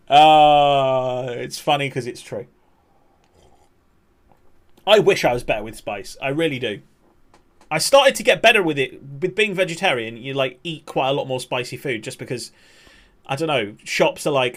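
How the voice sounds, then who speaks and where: A man's voice: medium pitch, expressive, a little slow, pauses often. A man chatting casually on a game stream, swearing and talking to his chat.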